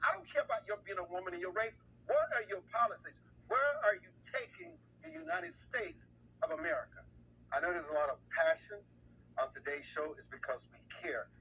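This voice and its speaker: Male talk-show host, high voice, bright, emphatic, distant mic, faint noise. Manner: passionate, emphatic, repetitive. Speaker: host and broadcast owner.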